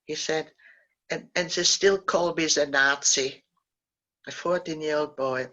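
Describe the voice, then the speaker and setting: An older woman, a Holocaust survivor, gently recounting her memories as a guest speaker, pausing and restarting often. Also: low-pitched, steady tone, muffled recording. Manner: halting, gentle storytelling with frequent restarts. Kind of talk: recounting personal memories in a talk.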